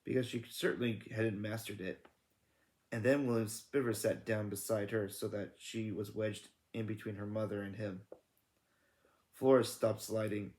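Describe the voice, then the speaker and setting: A man's voice: on the low side, level tone, moderate pace, a little mellow. A man reading a children's book aloud in a casual, self-correcting way, stopping to comment. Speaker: read-aloud narrator.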